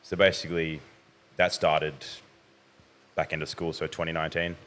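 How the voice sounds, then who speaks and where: A young man, a podcast guest talking through his recent past in a measured way, often hedging. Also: extremely low pitch, flat delivery, a bit bright. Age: young adult. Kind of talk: casual interview.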